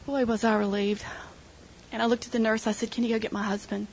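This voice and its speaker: Middle-aged woman telling her church group a personal story, kinda fry-ish voice, gets emotional. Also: on the high side, little pitch movement, quick pace, a little mellow, poor audio. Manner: emotional storytelling, quoting others. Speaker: church group member sharing a testimony.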